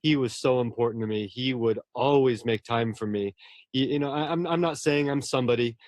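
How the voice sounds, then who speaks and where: A man's voice: medium pitch, a little fast, a little mellow, no echo, clean studio sound. A man, a horror novelist, talking earnestly and at length in a casual interview, often restarting his words.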